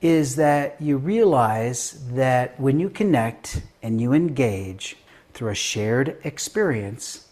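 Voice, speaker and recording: A middle-aged man telling stories as an interview guest, with a mid-range voice. He acts out everyone in his anecdotes and swings between punchy, loud bursts and slow, hushed asides. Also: mid-range voice, lively intonation. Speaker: guest author and science educator. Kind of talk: animated storytelling in an interview.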